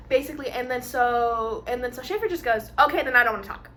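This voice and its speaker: A young woman with a bright, sharp, somewhat high voice tells a story in relaxed mukbang chat. She talks in an animated way, full of "like", and slips into voices when she quotes people. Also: quick pace, few pauses, a little hiss or hum. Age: young adult. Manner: animated storyteller, acts out quotes, many fillers. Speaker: co-host telling a story.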